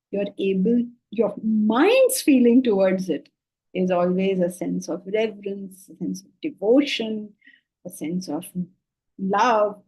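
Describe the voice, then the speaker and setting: A woman from India, teaching a spiritual class on scripture in an animated, questioning way. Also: medium pitch, husky, rough recording. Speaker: Vedanta teacher.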